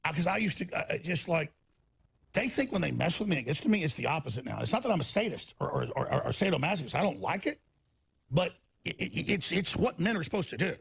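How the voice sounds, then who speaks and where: A man ranting in a heated talk, angry and often shouting, with a raspy voice. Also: on the high side, sing-song, fast. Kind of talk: heated talk-show rant.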